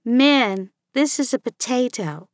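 A woman's voice: fairly high pitch, lively intonation, takes it slowly, no echo, clean studio sound. Woman doing a playful storybook mom. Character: patient, playful mother of a child.

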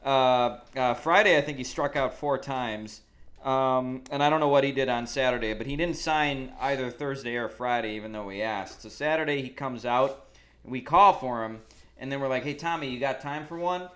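A man's voice: mid-range voice, normal speed, a bit bright. A man and podcast co-host giving an easygoing, wry recap in casual chat.

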